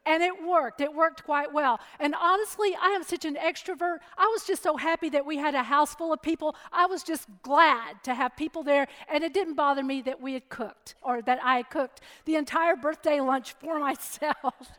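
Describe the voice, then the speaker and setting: A middle-aged woman preacher giving a sermon and telling a personal story in a lively, chatty way. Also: high-pitched, moderate pace, hardly any pauses. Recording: long hall reverb.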